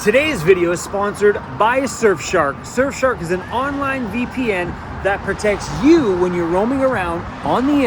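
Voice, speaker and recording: A man's voice: high voice, noisy background. A Canadian man chatting casually and energetically in a vlog, joking as he goes. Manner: upbeat, jokey, energetic. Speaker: vlogger.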